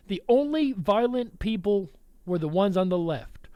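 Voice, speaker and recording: High-voiced man hosting blunt political commentary. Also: expressive, a little slow, mellow, smooth, no room sound. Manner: blunt, combative, talks straight to listeners as folks. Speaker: host.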